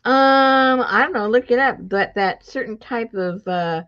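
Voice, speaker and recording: A woman's voice: fairly high pitch, measured pace, a bit bright, lo-fi sound. A woman hosting a crafting video, chatting casually and thinking aloud as she works. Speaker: crafting channel host. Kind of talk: casual chat while crafting.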